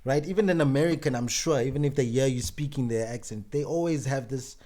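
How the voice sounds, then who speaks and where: A man's voice: medium pitch, fast, dark tone. A man from South Africa hosting a casual podcast chat, laid-back and slangy, laughing as he tells stories. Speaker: podcast host.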